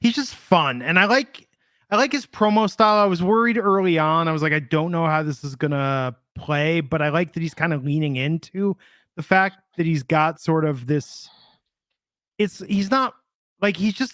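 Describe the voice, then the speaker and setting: Male podcast co-host, a little high-pitched, upbeat, leads the rundown, dry close sound. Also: lively intonation, moderate pace, a bit bright, no room sound. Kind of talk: casual podcast chat.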